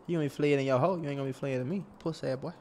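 A man's voice: fairly high pitch, fairly even intonation, very fast, over a noisy crowd. A man streaming a game role-play, trash-talking in a brash voice and chanting rhymes. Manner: brash trash talk, chanting rhymes and repeating the other's words. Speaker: streamer playing a street character.

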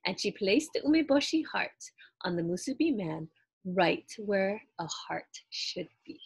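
A woman reading a children's picture book aloud in an expressive, animated storytelling way. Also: mid-range voice, a little slow, gravelly, husky, no room sound.

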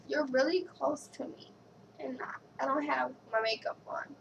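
Young woman with a gravelly voice, telling her story. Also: on the high side, recorded from a distance, background noise. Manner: candid, halting, reads a card aloud. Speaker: vlogger. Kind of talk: casual personal storytelling.

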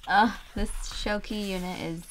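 A woman gushing through a casual unboxing commentary, talking affectionately and laughing softly as she goes. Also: mid-range voice, steady tone, unhurried, background noise. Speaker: K-pop fan unboxing photobooks.

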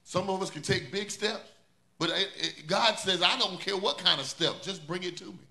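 A male pastor delivers a sermon in a bright, ringing voice, pitched a little high for a man. He preaches with swelling intensity and repeats his refrains over and over. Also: normal speed, vocal fry.

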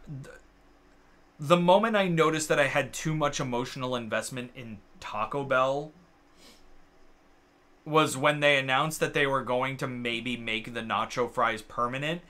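A man with a bright, forceful voice chats casually with friends while they play games. He rambles through plenty of fillers and swears freely when he gets worked up. His pitch sits in an ordinary middle range. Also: unhurried. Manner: rambling and filler-heavy, lots of uh and like. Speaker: co-host of a gaming channel.

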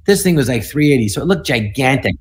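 Male, 60s, from the US. Panel guest, animated storyteller who acts out the dialogue. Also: mid-range voice, fast talker. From United States. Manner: animated, acts out other people's lines in the stories. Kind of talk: anecdotal storytelling.

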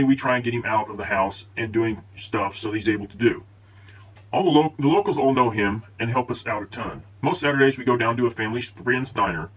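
A man reading online posts aloud in a plain, steady way, with the odd stumble over a word. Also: mid-range voice. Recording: distant, dull and husky-sounding.

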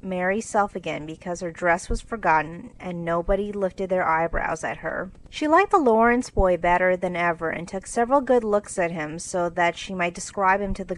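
A woman narrating a classic novel in a measured, clear reading for English learners. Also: fairly low pitch, rough recording.

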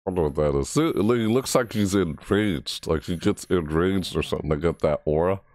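A man hosting a casual reaction video, rambling excitedly about a game trailer. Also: a little fast, no room sound, clean studio sound. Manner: excitable, rambling, mimics game voices in high yelps.

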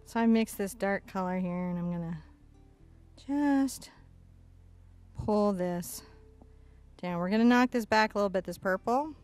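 A woman's voice: mid-range voice, unhurried, pauses often, a little mellow, soft background music. Playful woman teaching painting. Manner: chatty, playful, talks to herself while painting. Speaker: acrylic painting instructor. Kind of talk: casual step-by-step painting lesson.

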